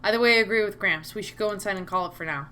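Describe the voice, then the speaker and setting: A woman playing a visual novel, reading all the characters' lines aloud and breaking off into excitable, gushing asides. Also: mid-range voice, rapid-fire, a little hiss or hum. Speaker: let's-play streamer voicing all characters. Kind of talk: reading game dialogue aloud with commentary.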